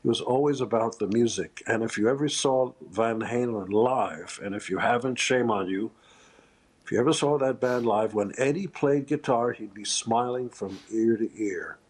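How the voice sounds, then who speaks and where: An older man giving an emotional tribute in an interview, speaking haltingly with many pauses and getting choked up. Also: mid-range voice, breathy edge. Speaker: interviewed musician.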